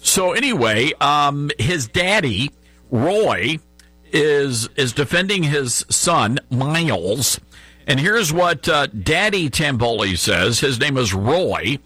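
Husky, lively-pitched talk radio host. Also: male voice, slow pace, no room sound. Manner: sarcastic, mocking asides with chuckles. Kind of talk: conservative talk radio commentary. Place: radio studio. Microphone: studio microphone.

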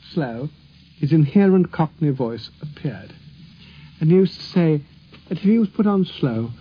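Brief: man, fond archival storytelling, slightly high husky voice, dull lo-fi recording. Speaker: interviewee recalling childhood. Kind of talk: archival reminiscence.

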